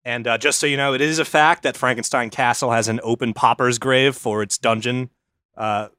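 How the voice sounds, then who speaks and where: A man's voice: medium pitch, steady tone, normal speed, pushed and bright, clear, resonant tone, no echo. Rambling man telling a story, dry sound. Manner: rambling storyteller, swears casually. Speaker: podcast host telling the story. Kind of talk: casual podcast chat.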